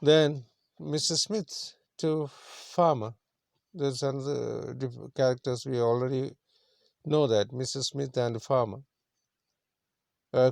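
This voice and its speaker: A teacher explaining a lesson slowly. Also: male voice, mid-range voice, creaky, darkish tone, no room sound. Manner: explains words simply, repeats, many fillers. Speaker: English teacher. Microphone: screen recording.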